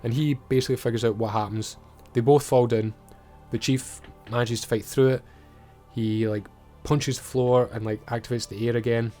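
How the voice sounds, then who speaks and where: A man casually recapping a TV episode and acting out the characters' lines, swearing and animated. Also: medium pitch, moderate pace, soft background music. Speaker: video reviewer. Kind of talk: casual recap with acted-out quotes.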